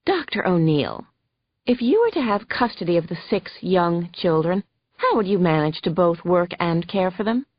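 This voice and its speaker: A woman's voice: fairly low pitch, big pitch swings, moderate pace, no echo, dull audio. A woman voicing a snide, huffy female attorney who fires badgering questions in an audiobook. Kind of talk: audiobook character voice.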